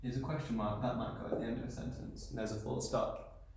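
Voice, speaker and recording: A man's voice: mid-range voice, fairly even intonation, fast, noisy background. A man, a primary school teacher, explaining patiently in a recorded video lesson and answering his own questions. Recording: very echoey room sound.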